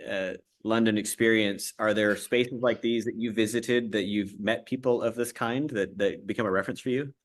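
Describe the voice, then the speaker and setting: A man hosting a livestream interview with cast members, talking haltingly with many fillers and restarts. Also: on the low side, a bit bright.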